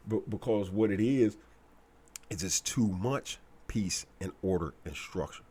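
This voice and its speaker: A man's voice: mid-range voice, moderate pace, darkish tone, slightly rough. A man delivering a blunt, repetitive, slangy preachy monologue as a commentator.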